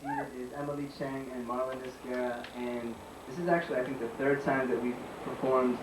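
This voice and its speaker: A man casually introducing his fellow performers on stage, relaxed. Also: mid-range voice, a little fast. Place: lounge, live performance. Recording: echoey live room with loud crowd and noise.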